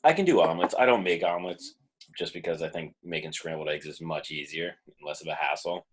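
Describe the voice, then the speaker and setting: A man's voice: low voice, quick pace, husky. A young man co-hosting a beer review podcast, laid-back in casual chat and laughing often. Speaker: podcast co-host reviewing beers.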